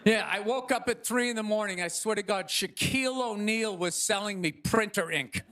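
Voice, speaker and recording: A man doing a stand-up monologue on a theater stage into a stage mic, animated and ranting, often acting out other people's voices. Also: high-pitched, normal speed. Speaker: stand-up comedian. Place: theater stage before a live audience. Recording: stage recording with crowd noise. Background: audience laughter.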